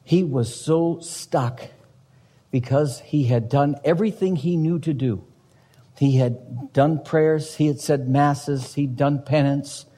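A man's voice: fairly high pitch, slow, mellow, in a large hall. A man preaching a sermon as pastor, emphatic, with rhetorical questions to the congregation.

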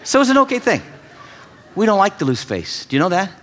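Animated male preacher. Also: a little fast, slight background noise. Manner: animated storytelling with wide swings in pitch and loudness. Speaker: pastor. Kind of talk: sermon.

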